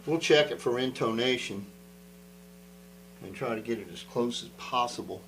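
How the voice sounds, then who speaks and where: A man of ordinary pitch chats his way through a guitar repair, folksy and rambling, thinking out loud as he goes. A faint hum sits under his voice. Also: normal speed, poor audio. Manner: rambling, folksy, thinks aloud while working. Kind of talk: casual workshop talk to camera.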